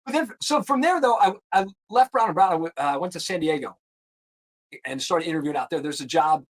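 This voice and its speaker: A man in his thirties telling his career story in a casual interview, slangy and animated, swearing now and then and saying "dude" and "like" a lot. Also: fairly high pitch, brisk. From US East Coast. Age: 30s. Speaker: insurance producer, guest.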